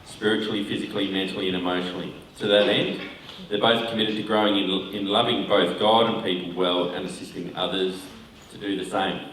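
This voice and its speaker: A man's voice: deep voice, fairly even intonation, brisk, a bit bright. A man introducing a guest speaker with light, joking asides. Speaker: event host introducing the speaker. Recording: roomy hall, distant mic, faint noise.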